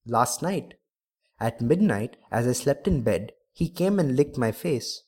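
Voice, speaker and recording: A man's voice: medium pitch, expressive, a little slow, a little mellow, breathy edge. A man voicing a harsh, greedy old blind beggar who snaps and cries out. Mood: complaining. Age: older. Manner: snapping, complaining, cries out.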